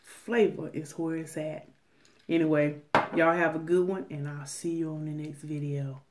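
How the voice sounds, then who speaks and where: A woman's voice: sits low, level tone, darkish tone, slight background noise. Emphatic woman vlogging. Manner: emphatic, preachy, drawn-out phrases with repeated restarts. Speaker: mukbang vlogger. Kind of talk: casual talk to camera while eating.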